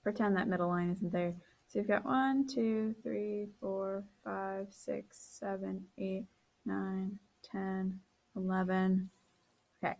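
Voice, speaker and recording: A woman's voice: mid-range voice, fairly even intonation, slow pace, creaky, a little mellow. A woman teacher walking through a recorded math lesson, counting aloud as she draws and correcting her own slips, tired and yawning.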